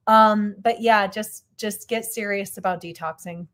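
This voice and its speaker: A woman's voice: medium pitch, fairly even intonation, measured pace, a bit bright. A woman guest co-host in casual podcast chat, blunt and candid, with many fillers and restarts.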